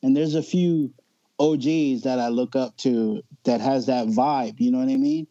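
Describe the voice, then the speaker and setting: A man in his forties from Hawaii, a guest artist telling stories in a relaxed, slangy chat. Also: medium pitch, measured pace, no echo, dull audio. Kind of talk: casual chat.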